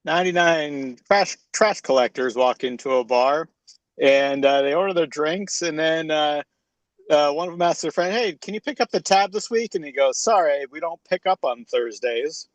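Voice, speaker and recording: A man taking turns telling quick bar jokes in an online improv game, with halting delivery. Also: fairly high pitch, no room sound. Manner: halting, many fillers and restarts. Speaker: improv player. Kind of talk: casual joke telling.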